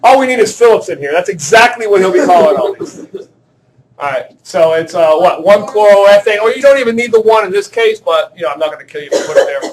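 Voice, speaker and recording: A man's voice: sits high, expressive, fast talker. A male chemistry teacher lecturing a class in a classroom, joking and quizzing students as he works through problems. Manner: joking, self-deprecating, asks the class questions.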